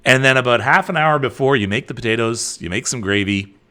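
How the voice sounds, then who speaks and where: A man's voice: mid-range voice, brisk. A middle-aged man hosting a live stream, reading viewer comments in a chatty way with many fillers. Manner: animated, chatty, with frequent fillers. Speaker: host.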